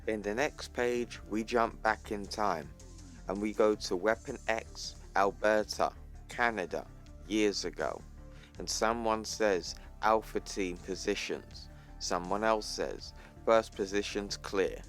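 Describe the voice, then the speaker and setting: A man's voice: on the low side, slow, fairly bright tone, soft background music. A man casually retelling a comic book story as a video creator. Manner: casual, plainly retelling panels. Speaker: YouTuber.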